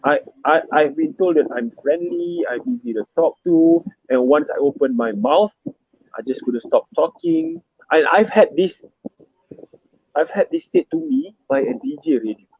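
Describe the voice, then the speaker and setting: A man with a Malaysian English accent, an emcee telling stories in a casual interview, often repeating words when he gets excited. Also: on the high side, normal speed, a little hiss or hum. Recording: dry, phone-like narrow sound.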